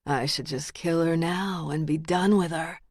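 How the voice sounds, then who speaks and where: A woman voicing a menacing male killer who speaks in a quiet, low, deliberate way. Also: steady tone, dry recording, clean studio sound. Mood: cold menace. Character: menacing male killer, cold and self-righteous.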